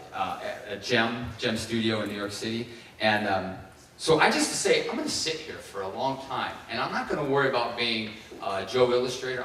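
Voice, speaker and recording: A middle-aged man from Ohio tells his story in a keynote, acting out the voices of the people he quotes. He sounds far from the mic in a strongly echoing hall, with faint room noise behind him. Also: medium pitch. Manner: animated, acts out quoted voices. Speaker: keynote speaker. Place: large conference hall. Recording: echoey hall, heard from far off.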